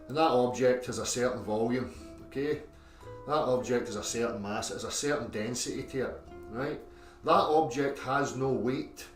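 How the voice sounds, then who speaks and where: Man lecturing in an echoey, distant clip. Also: mid-range voice. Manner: methodical, keeps checking in with "okay?" and "right?". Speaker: video presenter. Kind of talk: explanatory lecture.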